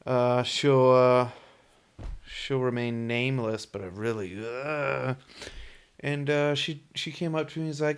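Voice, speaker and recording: A man's voice: mid-range voice, fairly even intonation, measured pace, smooth. A young man hosting his own podcast, ranting bluntly and casually about his work as a Navy corpsman, with plenty of swearing. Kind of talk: casual profane monologue.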